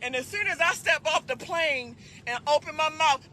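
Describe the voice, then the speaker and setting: A woman vlogger telling a story casually, loud and profane, often breaking into laughter. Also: very high-pitched, lively intonation, moderate pace, noisy background. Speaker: trucking vlogger.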